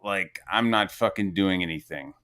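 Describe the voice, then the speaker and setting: A man's voice: low voice, moderate pace, fairly bright tone. Man, forties, podcast host, casual storytelling, heavy swearing, rambling with fillers. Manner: profane, rambling, heavy on "like" fillers, acts out quotes.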